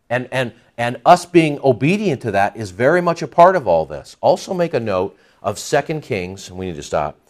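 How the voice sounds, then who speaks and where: A man preaching a sermon, lively and emphatic, asking the listeners rhetorical questions. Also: medium pitch. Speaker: pastor.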